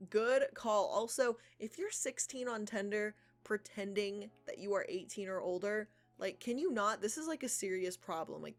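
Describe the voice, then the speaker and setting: A woman livestreamer reading profiles aloud and reacting in casual commentary, sarcastic and swearing, laughing often. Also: mid-range voice. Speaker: art livestreamer.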